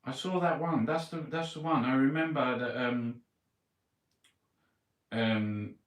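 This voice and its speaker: A man's voice: medium pitch, slow. A middle-aged man with a Cockney accent who rambles through a newspaper review, grumbling and swearing to himself. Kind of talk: rambling casual monologue. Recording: roomy, distant mic with background noise.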